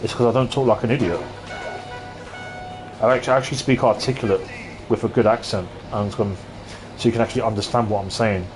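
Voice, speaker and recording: A man's voice: fairly low pitch, fairly even intonation, fast, long pauses, music in the background. A man from London chatting casually and ranting in asides while live-streaming a retro game at his desk mic.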